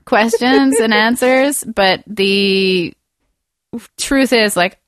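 A woman's voice: on the high side, drawn-out words, no room sound, studio quality. Laughing young woman co-hosting a podcast. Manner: joking, laughs mid-sentence. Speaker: podcast co-host. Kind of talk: casual comedy podcast chat.

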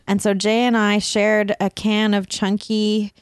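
A woman's voice: mid-range voice, unhurried, clean tone, no room sound, studio quality. A woman in her thirties co-hosting a podcast, telling stories in casual chat and laughing often. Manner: laughs often, animated storytelling. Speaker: podcast co-host.

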